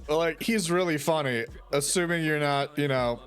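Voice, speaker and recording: A man's voice: on the high side, moderate pace, fairly bright tone. Rambling casual man chatting on stream. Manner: rambling, swears a lot, many fillers. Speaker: streamer and artist. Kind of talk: casual chat. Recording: faint music behind.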